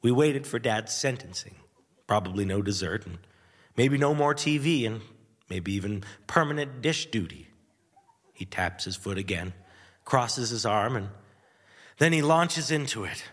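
A man hosting a radio show, telling a nostalgic story in a wry, animated way with chuckles and dramatic pauses. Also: medium pitch, big-room sound. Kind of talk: nostalgic first-person storytelling.

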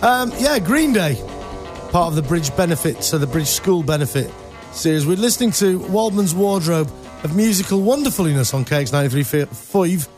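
A man's voice: on the high side, animated, normal speed, darkish tone, soft background music. A man hosting a radio show in casual chat, telling rambling stories and laughing at his own jokes. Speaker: radio host. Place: radio studio.

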